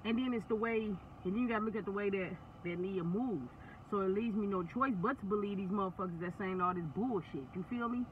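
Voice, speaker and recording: A woman's voice: mid-range voice, fairly quick. A woman venting in casual, profane talk on a phone call, laughing often. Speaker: vlogger. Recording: tinny phone line, faint noise.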